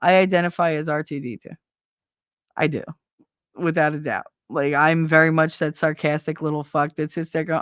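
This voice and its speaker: Middle-aged woman streamer, low-ish voice, dry close sound, blunt and sweary, cracks up a lot. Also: fairly even intonation, moderate pace, clear, resonant tone, no room sound. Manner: blunt, profane and sarcastic, laughs often. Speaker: live streamer. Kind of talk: casual live-stream chat, answering viewer comments.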